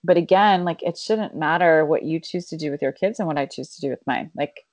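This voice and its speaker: Woman, 30s, podcast co-host, lowish voice, dry close sound, thoughtful and casually profane. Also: brisk, a little mellow, no echo. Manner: reflective, explains with examples, swears casually. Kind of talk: casual chat.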